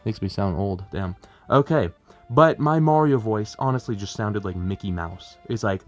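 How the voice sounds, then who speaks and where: A man's voice: fairly low pitch, normal speed, faint music behind. A young man in a chatty, rambling, self-deprecating tutorial vlog, talking at home as a plush video creator. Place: bedroom at home.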